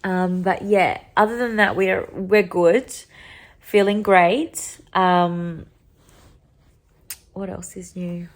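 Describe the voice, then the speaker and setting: A young woman vlogging straight into a handheld camera in a casual, rambling way. Her voice sits a little low. She fills her talk with "like" and "um" as she goes. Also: steady tone, slow pace, pauses often. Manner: chatty and rambling, heavy on "like" and "um".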